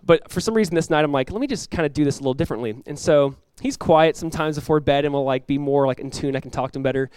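A man in his thirties, a pastor preaching a sermon and telling a family story with lively, rising emphasis. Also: fairly high pitch, racing, hardly any pauses, smooth, no room sound. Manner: animated storytelling, rises loud when acting out his talks with his son.

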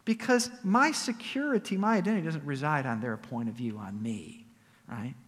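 A man preaching a sermon as a pastor, swinging from loud emphatic peaks to quiet low asides. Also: animated, normal speed, long reverb tail.

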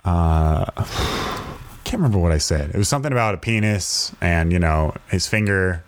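A man's voice: deep voice, normal speed. A young man co-hosting a podcast, telling stories casually and acting out quotes in raised voices. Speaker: podcast co-host. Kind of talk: casual storytelling chat.

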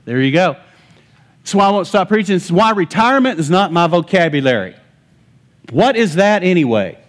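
A man pastor preaching a lively sermon in a church, laughing often and stressing his points with enthusiasm. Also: high voice, brisk. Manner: animated, laughing, emphatic preaching. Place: church sanctuary.

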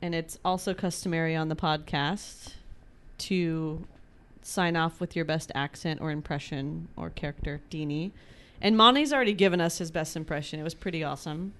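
A woman's voice: sits low, moderate pace, fairly bright tone. A woman hosting a podcast in casual chat with coworkers, playful and laughing often. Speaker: podcast host.

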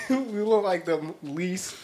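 Man, podcast co-host, high voice, slow delivery, dry teasing, loud background chatter. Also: animated, roomy sound. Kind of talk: casual podcast chat.

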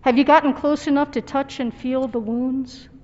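Woman, pastor, sermon, reflective, earnest, somewhat high voice, long hall reverb, muffled sound. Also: steady tone, moderate pace, a little mellow.

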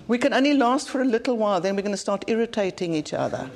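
A woman's voice: a little high, lively intonation, fast, a little mellow, a little hiss or hum. A South African woman preaching a conference sermon in an earnest, plain-spoken way, often repeating phrases for emphasis. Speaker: conference speaker.

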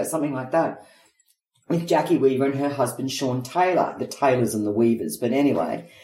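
A woman's voice: low voice, mellow. A middle-aged Australian woman, a head of acting, telling anecdotes in an interview and acting out the lines of people she quotes. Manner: theatrical storyteller, acts out quotes. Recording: roomy echo.

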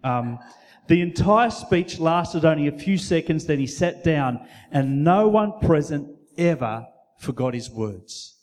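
A man preaching a sermon in a church, earnest and measured, with occasional fillers. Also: fairly high pitch, expressive, darkish tone. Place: church hall.

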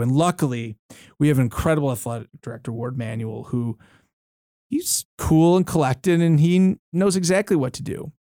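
A man's voice: medium pitch, moderate pace, dark tone, no room sound. Dry-sounding man telling a story. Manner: tells anecdotes with frequent restarts and fillers. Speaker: university board chair and lawyer, guest. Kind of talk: casual storytelling interview. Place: studio.

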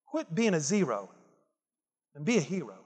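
A man's voice: on the high side, sing-song, normal speed, a little mellow, husky, long reverb tail. A man preaching a Father's Day sermon, emphatic and repetitive, building intensity as he quotes scripture. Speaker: pastor.

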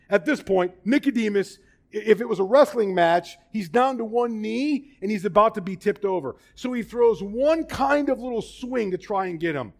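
A man preaching a sermon, emphatic and animated, putting questions to the congregation. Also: high voice, normal speed.

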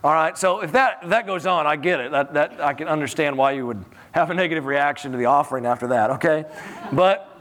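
A man preaching a sermon in a church in a conversational, animated way, often chuckling and repeating his words. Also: on the high side, fast.

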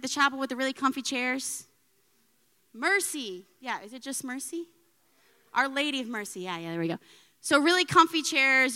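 A woman in her thirties giving a personal faith talk to an audience, chatty and animated, often adding "right?". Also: on the high side, clean tone. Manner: chatty, frequent "right?" tags, laughs often. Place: church hall with audience. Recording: long reverb in a hall.

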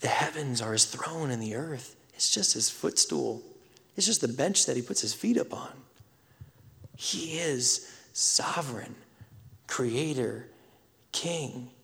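A man, preaching a sermon that swings from loud scripture reading to hushed whispers. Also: mid-range voice. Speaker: pastor. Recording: long reverb of a large hall.

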